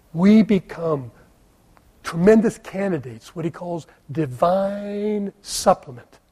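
A man preaching a storytelling sermon. His voice sits fairly high but sounds mellow and slightly husky. He drops to near-whispers, then rises into loud, emphatic questions. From United States. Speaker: pastor.

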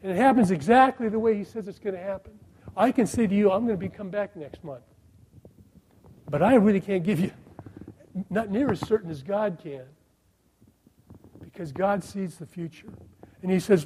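A middle-aged male pastor with a fairly high, mellow voice. He preaches in a sermon style, firing rhetorical questions at his listeners and swinging from loud, stressed phrases to soft, hushed ones. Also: moderate pace, pauses often, a little hiss or hum, low-quality recording.

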